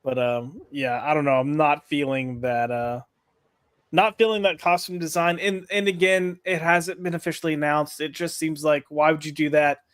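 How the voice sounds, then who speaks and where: A man on a podcast panel in casual chat, talking in a relaxed, wry and somewhat hesitant way. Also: a little high, normal speed, smooth, no room sound, studio quality.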